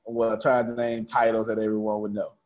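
A man's voice: fairly low pitch, completely flat delivery, fairly quick, darkish tone. Man teaching a small live group. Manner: repeats himself, calls on listeners by name. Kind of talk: lively live group lesson. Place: room with a small live audience.

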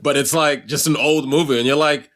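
A man's voice: on the high side, steady tone, a little fast, a bit bright. A man co-hosting a podcast, chatting casually in slangy talk and slipping into jokey voices. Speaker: podcast co-host. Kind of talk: casual chat.

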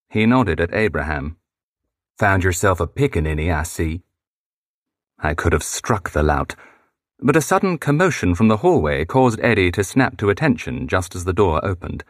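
Guy narrating an audiobook, deep voice that swings around a lot doing the characters. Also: sing-song, normal speed, dry recording, studio quality. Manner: shifts pitch to voice different characters.

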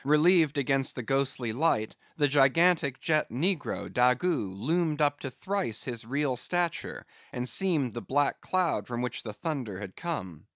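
A man reading a classic sea novel aloud as narrator, in an expressive, measured storytelling manner. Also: medium pitch, no echo. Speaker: audiobook narrator. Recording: dry, slightly dull recording.

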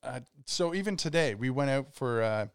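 A man's voice: medium pitch, lively intonation, normal speed, clean tone, no room sound, studio quality. A young man co-hosting a podcast, telling stories in casual chat with hesitant stammering restarts. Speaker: podcast co-host.

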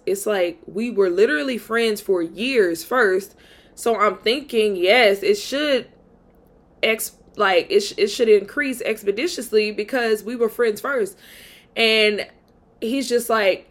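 A woman's voice: medium pitch, measured pace, a bit bright. A young adult woman hosting a podcast, telling a personal dating story in a candid, chatty way with lots of "like" fillers. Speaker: podcast host. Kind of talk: casual storytime monologue.

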